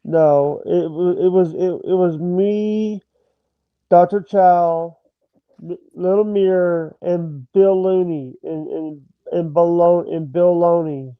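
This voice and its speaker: Man, high voice, slow hesitant talk, dull lo-fi call audio, halting and repetitive. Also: steady tone, no room sound. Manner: hesitant, halting, repeats himself. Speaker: call-in guest. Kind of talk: casual chat over a call.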